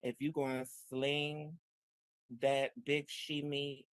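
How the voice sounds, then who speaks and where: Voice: medium pitch, little pitch movement, takes it slowly, no echo. A panelist in casual chat, blunt and profane.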